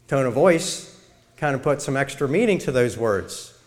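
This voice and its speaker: A middle-aged man giving a sermon-style talk to a church congregation in a measured way, illustrating his points. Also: medium pitch, animated. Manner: measured, demonstrates tones of voice. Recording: long reverb of a large hall.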